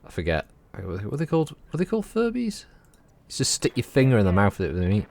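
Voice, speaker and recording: A man's voice: mid-range voice, wildly swooping pitch, fast, gravelly, darkish tone. A man streaming a video game, chatting casually and joking with his viewers, swearing freely as he plays. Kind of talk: casual gameplay commentary.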